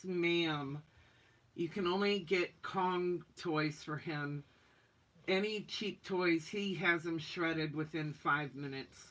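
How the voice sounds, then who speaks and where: A woman's voice: lowish voice, a bit bright. A woman hosting a casual livestream, chatting folksily and reading viewer comments aloud. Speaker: livestream host reading chat. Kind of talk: casual live-stream chat.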